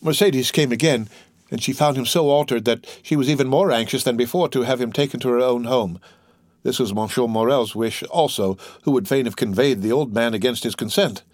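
A man narrating a classic novel in a measured, steady audiobook reading. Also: medium pitch, no echo, clean studio sound.

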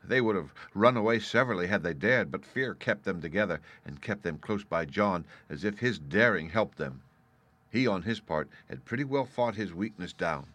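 Man, audiobook narration, measured storytelling, lowish pitch, dry close sound. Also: lively intonation, a bit bright, dry recording. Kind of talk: scripted narration.

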